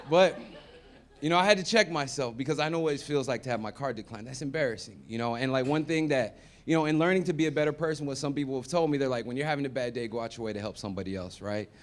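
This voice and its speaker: A man's voice: medium pitch, rapid-fire, few pauses. Man telling stand-up stories on stage. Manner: conversational, swings from mumbled asides to loud punchlines. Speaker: stand-up comedian. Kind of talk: stand-up comedy set. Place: comedy venue with live audience.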